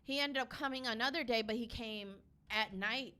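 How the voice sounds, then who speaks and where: A young woman with a bright, edgy voice pitched a little high, talking as a podcast guest. She is chatty and sassy, swears freely, and keeps the story rolling in a casual way. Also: normal speed.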